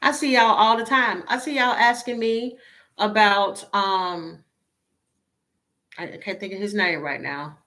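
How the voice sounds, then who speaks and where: A tarot reader speaks casually to her viewers in a mid-range voice at a measured pace with a sharp tone. She sounds weary, exasperated and emotionally drained, speaking bluntly and swearing now and then.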